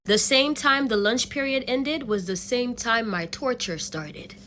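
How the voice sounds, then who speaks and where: A young woman telling a storytime vlog in an animated, slangy way, with swearing and laughter. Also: on the high side, measured pace, slight background noise. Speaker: vlogger.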